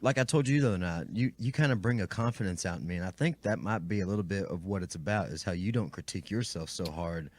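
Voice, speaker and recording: A man's voice: low-pitched, quick pace, hardly any pauses. A man hosting a podcast, chatting in a laid-back, earnest way. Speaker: podcast host. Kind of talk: casual chat.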